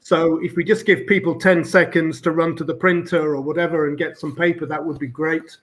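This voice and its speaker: A man's voice: a little high, level tone, a little fast, a bit bright. An English man with an English accent, a guest teaching paper folding step by step over a video call. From England. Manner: patient step-by-step instruction. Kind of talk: live online tutorial.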